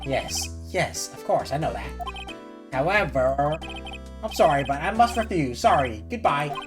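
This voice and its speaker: A woman voicing a pompous older male lawyer who tacks "see?" onto his sentences, in a loud, high, swinging voice. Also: sing-song, a little slow. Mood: evasive. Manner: ends sentences with a gangster-like "see?". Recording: game music underneath.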